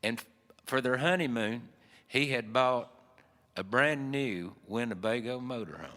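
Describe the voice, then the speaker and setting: A man's voice: medium pitch, a little slow, sharp tone. A man with an Appalachian accent telling a folksy story in a rambling, easygoing way full of fillers. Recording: long hall reverb.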